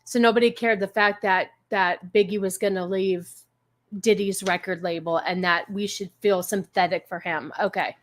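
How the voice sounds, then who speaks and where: A woman's voice: medium pitch, fairly even intonation, normal speed. A woman hosting a stream, chatting casually and reacting bluntly with swearing and exclamations. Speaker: stream host. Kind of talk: casual chat reacting to a book summary.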